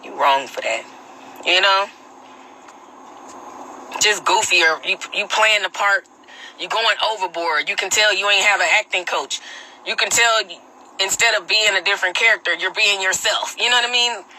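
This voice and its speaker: Woman host ranting on a phone livestream; blunt, opinionated, sharp bright tone, light noise behind. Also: mid-range voice, moderate pace, low-quality recording. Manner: reads and answers viewer comments. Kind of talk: casual livestream rant.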